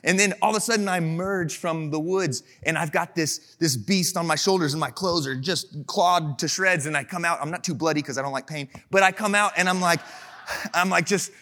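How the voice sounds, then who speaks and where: A man from Texas preaching a sermon as pastor, casual and animated, telling playful stories with humor. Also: fairly high pitch, a little fast.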